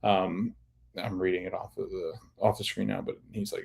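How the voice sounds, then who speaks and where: A man's voice: deep voice, flat delivery, normal speed, creaky, a little mellow. A man hosting a podcast, casually recapping a TV episode in a chatty way and laughing often as he retells scenes. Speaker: podcast host.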